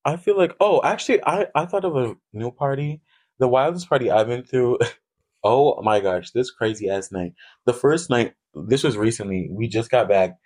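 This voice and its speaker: A young man co-hosting a casual podcast at an ordinary middle pitch. He tells stories in a relaxed, profane way and laughs often. It sounds like chatting with a friend. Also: normal speed. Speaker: podcast co-host. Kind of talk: casual chat.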